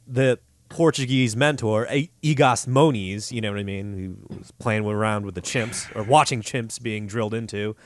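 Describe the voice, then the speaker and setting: A man's voice: fairly low pitch, moderate pace, hardly any pauses. A man co-hosting a podcast, telling a story in casual, profane chat and laughing often. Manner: laughing, swearing, animated retelling with quoted voices.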